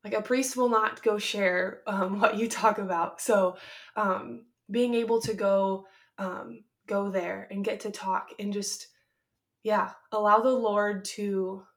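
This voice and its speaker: A woman in a casual faith conversation, speaking softly and rambling with many "um"s and "like"s. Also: mid-range voice, fairly even intonation, slow pace. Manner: soft-spoken, rambling, many fillers.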